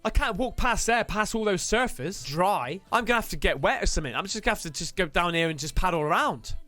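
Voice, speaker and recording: A man streamer telling a story to his viewers in an excitable way, swearing freely and talking straight to the audience. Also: sits high, quick pace, faint music behind. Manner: excitable, swears a lot, addresses viewers directly. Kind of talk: animated storytelling to a live stream.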